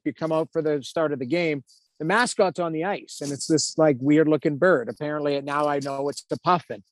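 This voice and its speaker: In a dry recording, a former hockey goalie turned TV analyst in his fifties speaks in a slightly high voice. Animated in a casual interview, he tells a story, acting out quotes and leaning heavily on "like."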